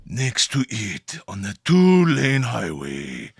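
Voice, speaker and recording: A man's voice: mid-range voice, huge pitch swings, slow pace, vocal fry, breathy edge, no echo, clean studio sound, voice pushed down, exaggerated voice. A man voicing an eccentric male street candle seller, a former clown, in a theatrical put-on accent that keeps shifting. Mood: hammy.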